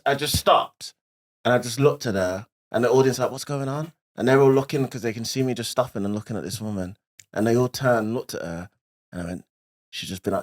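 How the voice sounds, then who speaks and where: A British man, a comedian co-hosting a podcast, telling lively stories on stage life and acting out the voices of people in them. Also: medium pitch. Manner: animated, laughing, acts out voices in anecdotes. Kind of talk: casual storytelling chat.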